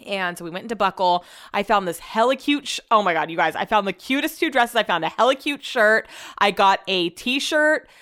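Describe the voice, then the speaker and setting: A young woman talks in a loose, chatty rant. Her pitch leaps up and drops low as she gets worked up. She swears freely and tells stories at a quick clip. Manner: animated, ranting, swears freely. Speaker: podcast host. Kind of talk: casual chat.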